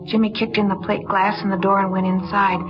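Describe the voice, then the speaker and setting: A woman's voice: mid-range voice, level tone, brisk, close to an everyday voice. A woman playing a weary young woman confessing. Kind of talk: 1950s radio drama narration. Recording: dull old radio broadcast with music.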